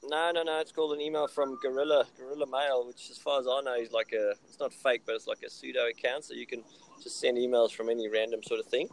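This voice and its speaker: A man's voice: medium pitch, level tone, fast, creaky, poor audio. A man with a South African accent co-hosting a podcast, chatting casually about fan mail. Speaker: podcast co-host. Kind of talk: casual chat.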